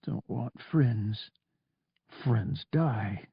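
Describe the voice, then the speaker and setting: A man's voice: on the low side, takes it slowly, breathy edge, dry recording, lo-fi sound, voice pushed down, heavily acted. A man reading an audiobook, voicing a young male pilot who screams in rage and then speaks thickly through grief. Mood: grief-stricken.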